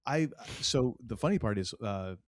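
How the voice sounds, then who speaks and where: A man's voice: medium pitch, expressive, normal speed, no echo, clean studio sound. A middle-aged man from New England, co-hosting a podcast in casual, rambling chat full of fillers and restarts. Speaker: podcast co-host.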